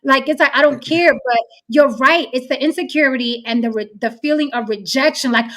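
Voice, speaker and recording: Woman hosting a chat panel, lively and emphatic, bit high voice. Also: normal speed. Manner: animated, emphatic, acts out quoted voices. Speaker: panel host. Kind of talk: casual panel discussion.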